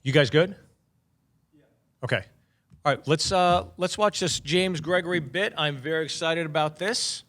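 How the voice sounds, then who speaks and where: A man's voice: on the high side, normal speed, long pauses, fairly bright tone. A male podcast host in casual chat, laid-back and reflective.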